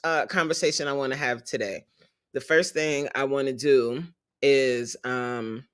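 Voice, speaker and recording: A fitness coach hosting a casual livestream, animated and openly emotional, laughing often and greeting viewers in the chat by name. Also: mid-range voice, measured pace, clean tone.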